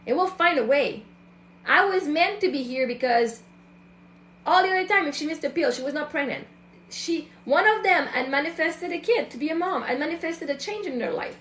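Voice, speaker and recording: Her high, bright voice moves with lively intonation at normal speed as this thirty-something host opens up about something personal. The talk is loose and chatty, packed with fillers and quoted inner thoughts, recorded in an echoey room with slight background noise.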